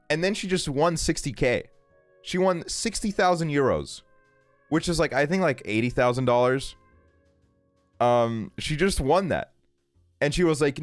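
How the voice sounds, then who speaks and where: A young man streams and rants with heavy swearing and quick bursts of laughter. His pitch swings widely from low grumbles to high, incredulous yelps. The sound is dry and close, with faint music playing behind him. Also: no echo. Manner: profane, ranting, laughs often. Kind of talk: casual streaming chat.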